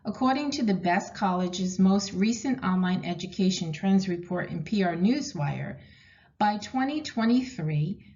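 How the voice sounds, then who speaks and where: A woman with a New England accent delivers a scripted presentation, reading numbers and lists in a clear, measured way. Her pitch sits in an ordinary middle range. The recording sounds dull and lo-fi. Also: darkish tone. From Rhode Island, USA. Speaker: university technology director presenting.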